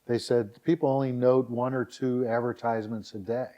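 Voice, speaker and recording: A man's voice: medium pitch, moderate pace. A man being interviewed on a podcast, telling stories casually and acting out quotes with animation. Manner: animated, acts out quotes in a raised voice. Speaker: guest, dating site founder.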